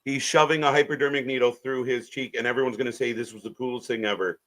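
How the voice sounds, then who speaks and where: A man's voice: mid-range voice, fairly even intonation, quick pace, fairly bright tone. A man co-hosting a live wrestling watch-along, blunt and disgusted, swearing heavily. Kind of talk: profane live commentary chat.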